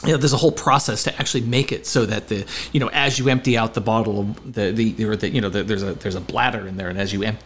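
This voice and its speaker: A man co-hosting a podcast in casual chat, rambling and halting with many restarts. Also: lowish voice, fairly bright tone, slight background noise. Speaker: podcast co-host.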